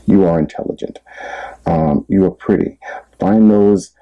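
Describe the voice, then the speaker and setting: A man's voice: low-pitched, measured pace, muffled recording. A man giving relationship advice in a candid, rambling monologue, laughing at himself now and then. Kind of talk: casual monologue.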